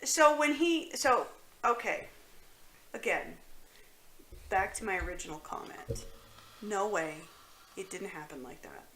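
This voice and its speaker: Teasing woman with a lively voice. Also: mid-range voice, a little slow, long pauses, echoey room, a little hiss or hum, poor audio. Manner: skeptical, teasing banter. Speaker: podcast co-host. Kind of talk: casual chat.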